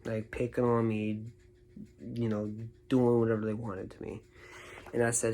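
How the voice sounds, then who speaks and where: Gravelly-voiced man telling a story. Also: medium pitch, fairly even intonation, fairly quick, darkish tone, slight background noise, low-quality recording. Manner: rambling, repeats words and restarts. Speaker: vlogger. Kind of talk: casual storytelling monologue.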